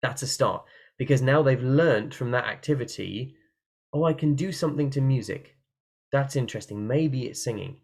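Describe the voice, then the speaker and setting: A man at his computer, talking through a singing lesson in a relaxed, playful way. He jumps between plain explanation and short bursts of sung or shouted examples. His voice sits at an everyday middle pitch. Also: moderate pace, husky. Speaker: singing teacher. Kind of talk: online workshop talk. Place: room at a computer by a window.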